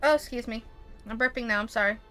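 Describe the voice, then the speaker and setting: Woman, young, streamer, reading a game aloud, bright, chatty. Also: fairly high pitch, fast, faint music behind. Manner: chatty, animated asides, talks with food in mouth.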